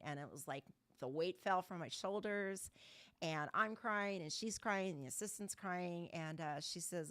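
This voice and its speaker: Speaking as a guest at an online video call meeting, a middle-aged woman from Southern California shares her recovery story candidly and bluntly, swearing casually. Her voice is low and a bit bright, and she is unhurried. The sound is dry and close with no room echo.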